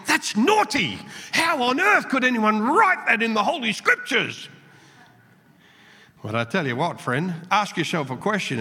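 A middle-aged man preaches a sermon in a church auditorium, telling stories playfully and animatedly. His voice sits high and sounds bright and forceful, with sudden dips in pitch. A long hall reverb trails behind every phrase. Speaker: pastor.

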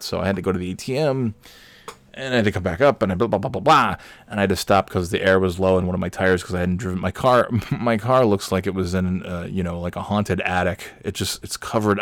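A man with a very low voice tells a meandering anecdote, swearing often and circling back on himself with fillers. His voice sounds close and dry, with no room behind it. He talks like a host ranting casually to his listeners. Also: no room sound. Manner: profane, rambling storyteller with frequent fillers; irritated, ranting. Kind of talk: rambling anecdotal monologue.

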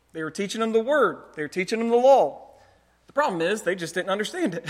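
Pastor, thirties, man with a high voice, chatty storytelling sermon, long hall reverb. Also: fairly bright tone. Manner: conversational storytelling, light self-amused laughter.

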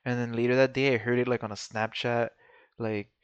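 A man in casual podcast banter, swearing freely and laughing at his friend's story. His voice is mid-pitched and close. The sound is dry, with no room echo, and somewhat muffled. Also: little pitch movement, fairly quick, clear, resonant tone. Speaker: podcast co-host. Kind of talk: casual chat.

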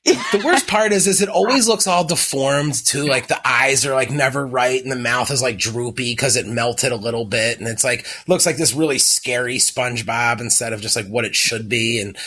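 A man in his thirties telling animated parenting stories in casual chat, swearing freely. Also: mid-range voice, normal speed, hardly any pauses.

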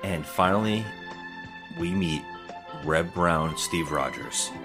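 A man co-hosting a casual podcast, retelling a movie scene by scene with sarcastic, animated commentary. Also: low-pitched, slow, music in the background. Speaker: podcast co-host. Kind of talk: casual movie review chat.

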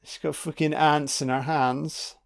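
A man gives a casual, unhurried film commentary, reacting with excited swearing. His voice sits slightly high and he drawls his lines. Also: gravelly. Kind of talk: casual watch-along commentary.

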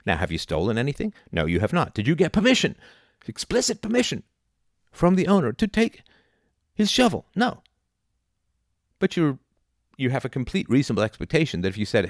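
A middle-aged man talking casually about philosophy, animated, dipping into mocking impressions. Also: medium pitch, brisk, no echo, studio quality. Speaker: podcast host.

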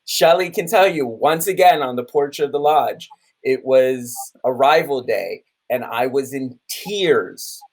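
A man's voice: mid-range voice, slow, low-quality recording. Man in his thirties telling stories. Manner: animated storytelling with many restarts and acted quotes. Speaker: camp theater director. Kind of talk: podcast conversation.

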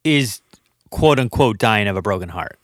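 A man's voice: fairly low pitch, lively intonation, normal speed, fairly bright tone, no room sound, clean studio sound. A man co-hosting a podcast, chatting casually about a horror movie, rambling with stammers and restarts. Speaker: podcast co-host.

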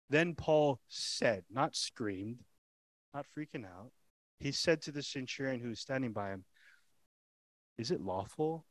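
Animated man preaching, dry sound. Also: on the low side, dry recording. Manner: animated storytelling, rhetorical questions; repeats lines for emphasis. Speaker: pastor. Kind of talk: expository sermon.

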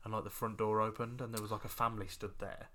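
A woman's voice: rumbling low, flat delivery, fast, a bit bright. A young woman in casual chat, telling a story with many fillers. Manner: chatty, storytelling, laughs and coughs.

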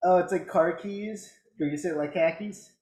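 Young male podcast co-host, high voice, playful banter, echoey call audio. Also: moderate pace, darkish tone, slight background noise. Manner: joking, laughs often. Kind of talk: casual chat. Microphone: video call. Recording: echoey room.

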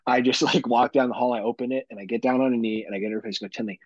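A man hosting a podcast, telling a profane, animated story about his kids in casual chat. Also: medium pitch, rapid-fire, few pauses, dry recording. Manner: profane, animated storytelling with mock-dramatic quotes. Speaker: podcast host. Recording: dull lo-fi podcast audio.

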